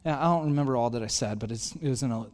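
A man preaching a sermon as a pastor, telling stories with animated acted-out dialogue and self-deprecating humor. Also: medium pitch, very fast, a little hiss or hum. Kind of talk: storytelling sermon. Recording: long hall reverb.

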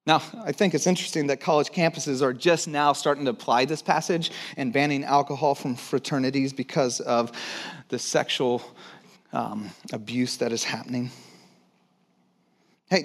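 A male pastor preaching a sermon to a congregation in a church room, conversational and emphatic, hammering points with repetition. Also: mid-range voice.

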